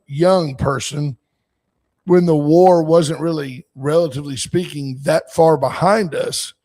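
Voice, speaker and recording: A man's voice: a little high, a little mellow. A man in his sixties hosting a call-in talk show, rambling and opinionated, reading out listener comments as he goes. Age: 60s. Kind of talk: casual political call-in talk.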